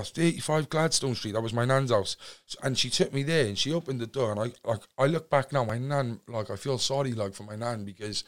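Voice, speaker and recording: A young man with a Cardiff accent, telling his story as a podcast guest in rambling talk full of fillers and restarts. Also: medium pitch. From Wales. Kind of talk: candid storytelling.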